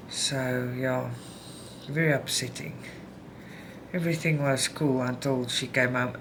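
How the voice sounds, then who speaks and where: A South African woman chatting candidly to viewers at home while she stitches, venting and talking things through. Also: extremely low pitch. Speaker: cross-stitch vlogger. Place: home room. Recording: home recording with background noise.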